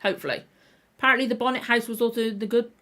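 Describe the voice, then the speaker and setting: A woman's voice: a little high, fairly even intonation, very fast, pushed and bright. Woman host, tired, throat a bit tender, rambling casual stream chat with constant restarts. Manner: rambling, self-correcting. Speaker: reaction channel host.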